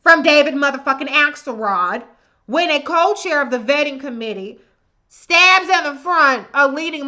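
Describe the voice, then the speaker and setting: Woman, high voice, bright and sharp, profane live-stream rant, contemptuous. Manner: greets chat viewers by name. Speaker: livestream host. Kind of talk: live political commentary.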